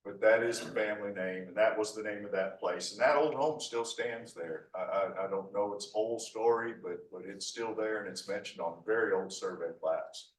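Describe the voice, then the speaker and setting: Folksy low-voiced man lecturing in a hall. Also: normal speed, hardly any pauses, a little hiss or hum. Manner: folksy, rambling, full of 'uh' restarts. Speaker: local history lecturer. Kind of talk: slide lecture with asides. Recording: echoey hall from far off.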